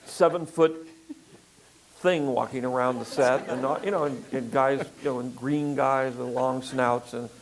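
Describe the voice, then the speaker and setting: An older man filmmaker in a relaxed interview conversation, talking in a rambling way with frequent fillers and restarts. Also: mid-range voice, measured pace, crowd noise, low-quality recording. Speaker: filmmaker guest.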